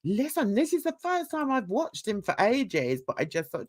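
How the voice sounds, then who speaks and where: A woman's voice: a little high, huge pitch swings, normal speed, a little mellow. A woman hosting casual reaction commentary, chatty and gossipy, laughing often. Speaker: commentary channel host.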